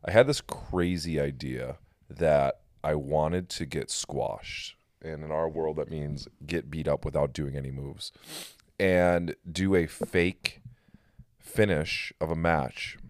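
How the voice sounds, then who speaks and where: A man hosting a casual podcast, telling a story with animated energy and free swearing. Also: very deep voice, dry recording, studio quality. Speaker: podcast host and pro wrestler. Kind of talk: casual chat.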